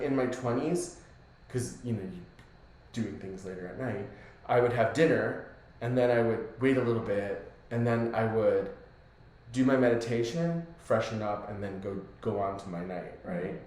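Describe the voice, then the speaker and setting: A man, a spiritual coach, chatting casually on a podcast in an easygoing way that keeps checking in with the listener. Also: medium pitch. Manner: easygoing, keeps asking "right?". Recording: very echoey room.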